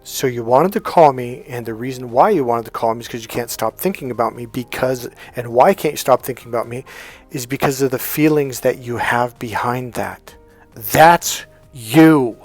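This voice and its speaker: A man's voice: medium pitch, moderate pace, soft background music. A man working as a dating coach, telling a story in a blunt, emphatic way and swearing casually. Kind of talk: storytelling monologue.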